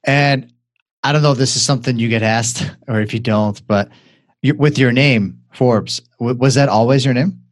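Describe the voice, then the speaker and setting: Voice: mid-range voice, normal speed, no room sound. An interviewer on a video call asking short, eager questions. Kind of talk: casual interview.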